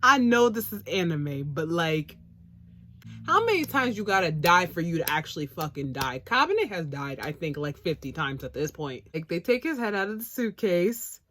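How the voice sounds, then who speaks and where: A woman's voice: fairly low pitch, very animated, normal speed, fairly bright tone, a little hiss or hum. A woman chatting casually about an anime episode, rambling and blunt, swearing freely. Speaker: anime reviewer, co-host. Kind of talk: casual chat.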